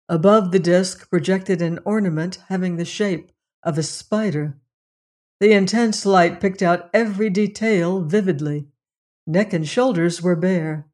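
A narrator and audiobook host giving a measured, atmospheric reading of gothic horror. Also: medium pitch, darkish tone.

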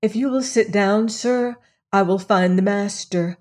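A woman voicing a prim, polite young housemaid who speaks respectfully and a little higher. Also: measured pace, a little mellow, natural voice.

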